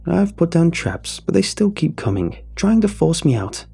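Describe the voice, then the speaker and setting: A man's voice: very animated, moderate pace, creaky, warm tone, husky, soft background music, heavily acted. A man voicing a shrewd elderly woman who squawks and rambles, turning snappish. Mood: shrill, rambling. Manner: shrill, snappish.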